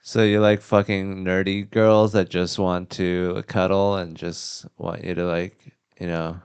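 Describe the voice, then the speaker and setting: A man's voice: low-pitched, little pitch movement, a little slow, darkish tone, clear, resonant tone. A man hosting a casual live talk show, asking teasing, probing questions. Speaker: host. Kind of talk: casual podcast chat.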